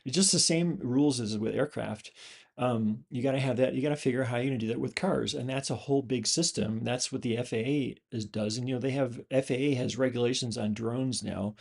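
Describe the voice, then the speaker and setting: A man's voice: mid-range voice, brisk, gravelly, breathy edge. A man, a host and former pilot, explaining a screen display in a loose, rambling way with many fillers and restarts. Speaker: channel host, former pilot and flight instructor.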